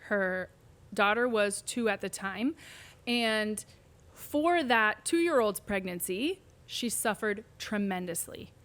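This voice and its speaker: A woman's voice: mid-range voice, slow pace. A woman physical therapist telling a patient's story in an interview, acting out the voices she quotes. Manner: animated, acts out quoted voices. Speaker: pelvic physical therapist, guest.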